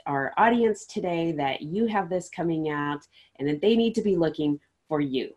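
A woman's voice: low voice, expressive, normal speed, a little mellow. Enthusiastic woman hosting an interview. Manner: enthusiastic, effusive praise. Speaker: podcast host.

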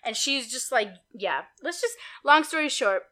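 A young woman with a high, bright voice that swoops up and down as she tells a crude story. She laughs a lot and chats casually as a podcast co-host. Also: expressive, normal speed.

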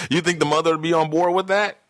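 A man's voice: a little high, bright, forceful tone. A man from California co-hosting a podcast, chatting loosely and profanely, recapping scenes with playful impressions. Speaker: podcast co-host. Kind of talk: casual chat.

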